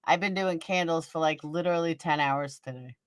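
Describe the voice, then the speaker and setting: Blunt low-voiced woman livestreamer. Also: brisk, no echo, clean studio sound. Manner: blunt and profane, gossipy, chats with viewers by name. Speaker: livestream host. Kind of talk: casual livestream chat reading viewer comments.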